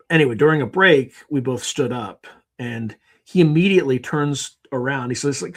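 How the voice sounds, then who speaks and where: Animated storytelling male guest. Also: mid-range voice, normal speed. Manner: animated storyteller who acts out quotes. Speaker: podcast guest. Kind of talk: conversational interview.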